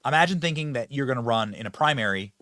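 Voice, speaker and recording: A man hosting political commentary, mocking and sarcastic, swinging between loud outbursts and low asides. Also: expressive, fast talker, no room sound, clean studio sound.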